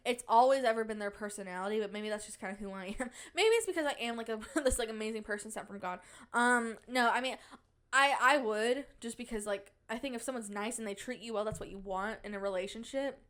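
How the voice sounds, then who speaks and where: A woman's voice: fairly high pitch, a little fast, fairly bright tone. A young woman hosting a podcast in casual chat, playful and giggly, bragging in a mock-dramatic way. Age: young adult. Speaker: podcast host.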